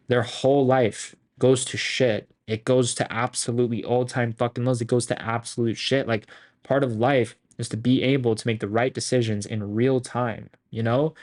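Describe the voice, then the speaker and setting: A man hosting a stock trading group, talking in a profane, boastful, rambling and excitable way. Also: medium pitch. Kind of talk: hyped casual trading recap.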